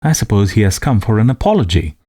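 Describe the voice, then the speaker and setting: Man playing a sulky embarrassed young gentleman, rueful, lively pitch. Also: fast, husky.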